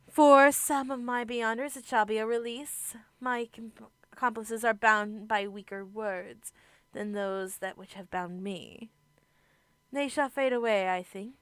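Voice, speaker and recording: A woman's voice: on the high side, a bit bright, no room sound. A woman reading as a formal, lonely crystal spirit. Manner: formal, old-fashioned reading. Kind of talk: reading game dialogue aloud.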